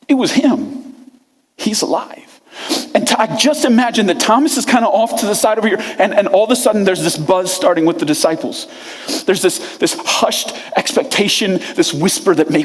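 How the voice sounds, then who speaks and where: A man giving a sermon as pastor, telling a story in an animated, conversational way. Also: high voice, fairly quick, long reverb tail. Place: church sanctuary.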